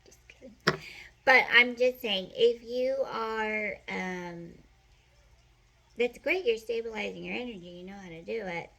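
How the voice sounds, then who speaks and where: A woman doing a casual card reading to camera, playful and joking, laughing often, sometimes slipping into soft whispered affirmations. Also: medium pitch, measured pace, vocal fry. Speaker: spiritual card reader.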